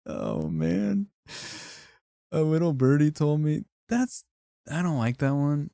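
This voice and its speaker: A man's voice: on the low side, very animated, a little slow, gravelly, mellow, dry recording, studio quality. A man streaming live, ranking things in casual, profane, joking commentary and laughing often.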